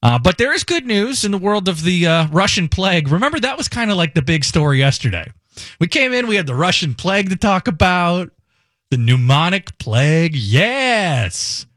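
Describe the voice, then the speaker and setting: Animated radio host, dry studio sound. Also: male voice, high voice, moderate pace, dry recording. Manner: rambling, self-correcting, jokey. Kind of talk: casual talk radio chat. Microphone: studio microphone.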